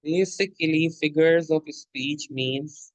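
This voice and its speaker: A fairly high-pitched man teaching literature in a patient, repetitive lecture style. He keeps checking in with his listener. The sound is dry and close. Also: slow, dry recording, poor audio. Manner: repeats points, frequent "okay?" check-ins; addresses listener as "my dear". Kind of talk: explanatory lecture.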